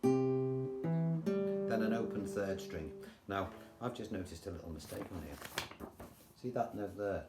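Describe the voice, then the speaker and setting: An older man with an English accent, teaching guitar in a chatty, relaxed way and counting rhythms aloud. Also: on the low side, measured pace, pauses often. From England. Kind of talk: casual guitar tutorial. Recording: roomy sound with guitar playing.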